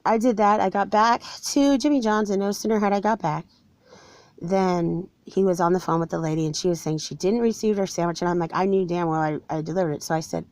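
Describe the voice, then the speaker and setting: A woman's voice: medium pitch, a little fast, darkish tone, no room sound. A forty-year-old woman earnestly telling viewers a personal story of being wronged, with an aggrieved tone. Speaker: vlogger telling her own story. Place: somewhere cold.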